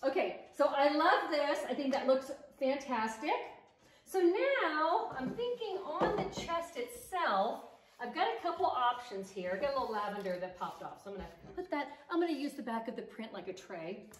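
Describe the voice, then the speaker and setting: An enthusiastic woman with a fairly high voice chats about her decor projects while arranging them. She sits back from the mic in an echoey room, with a faint hiss behind her. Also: big pitch swings, normal speed. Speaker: home decor DIY vlogger. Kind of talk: chatty decorating vlog. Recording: roomy echo, distant mic, faint noise.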